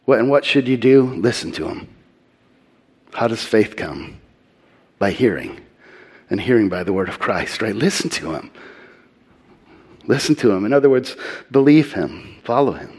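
A man giving earnest sermon-style Bible teaching, slowing and softening his voice for emphasis. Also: lowish voice, expressive, breathy edge.

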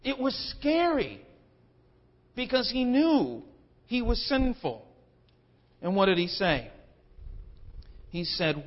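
Guy preaching w a high voice, super emphatic and dramatic, kinda dull lo-fi sound. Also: wildly swooping pitch, slow pace, long pauses. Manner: emphatic and dramatic, acting out quotes. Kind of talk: sermon.

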